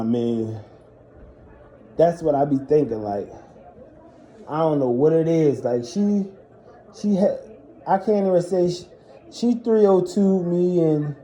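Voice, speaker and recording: A man's voice: fairly high pitch, slow, long pauses, mellow, lo-fi sound. Man venting blunt, profane stories. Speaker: storyteller. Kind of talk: casual storytelling monologue.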